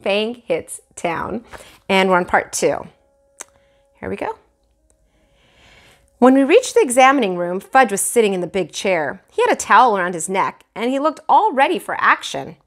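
A woman teacher reading a children's chapter book aloud in an expressive storytelling manner. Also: medium pitch, normal speed, long pauses. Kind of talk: children's read-aloud narration.

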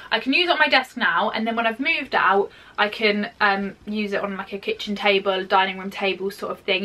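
A woman's voice: mid-range voice, pushed and bright, distant mic. A young British woman vlogging a try-on haul at home, rambling and chatty with lots of filler words. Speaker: fashion vlogger. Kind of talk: casual try-on haul chat. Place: home office.

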